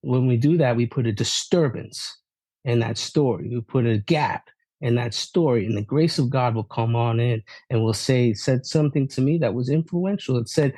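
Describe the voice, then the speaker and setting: A man giving an energetic testimony at a recovery meeting, asking rhetorical questions and laughing often. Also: mid-range voice, moderate pace, no echo.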